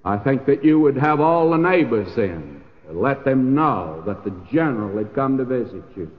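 A man's voice: mid-range voice, very animated, moderate pace. An older man preaching a sermon in an emphatic, folksy storytelling manner, acting out the quoted lines. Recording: dull lo-fi recording with hall reverb.

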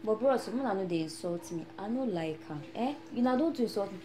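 A woman's voice: medium pitch, lively intonation, fairly quick, mellow, lightly acted. Woman playing a brash Nigerian newcomer. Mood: boastful. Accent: Nigerian Pidgin. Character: brash young Nigerian woman fresh in America. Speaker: newly arrived immigrant. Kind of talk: film acting. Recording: echoey room, faint noise.

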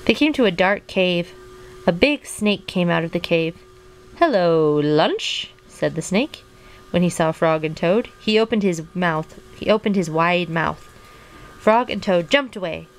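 A woman reading a children's storybook aloud in an even storytelling voice, then chatting casually about it. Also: on the low side, normal speed. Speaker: reader and video host.

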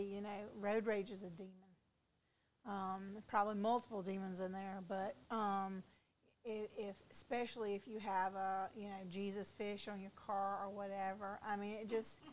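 A woman's voice: medium pitch, rough recording. A woman church leader who talks casually with many fillers, then closes the gathering with an earnest prayer.

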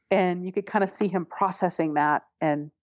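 Wry, candid woman with a lower voice. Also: dry recording, muffled recording. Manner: candid, wry, laughs often while telling the story. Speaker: interview guest. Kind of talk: personal storytelling interview.

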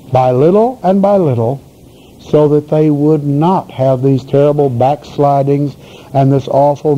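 Folksy preacher with a dark, mellow voice. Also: male voice, fairly high pitch. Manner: folksy, emphatic storytelling preaching. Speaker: pastor. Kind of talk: sermon. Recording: dull lo-fi recording with faint hiss.

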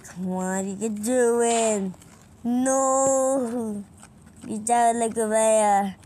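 A woman's voice: on the high side, very slow, dark tone, a little hiss or hum. A woman giving casual, rambling commentary while playing a video game, often confused by what happens on screen. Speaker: gamer.

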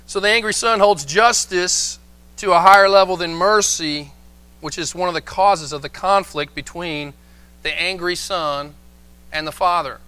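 Pastor, male, high bright voice, animated live sermon delivery. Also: moderate pace, smooth. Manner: animated preaching, acts out quoted voices. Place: church, live stream.

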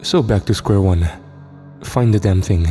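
A man's voice: on the low side, unhurried, warm tone, soft background music, close to an everyday voice. A man voicing a terse, plainspoken male alligator hunter from the swamp.

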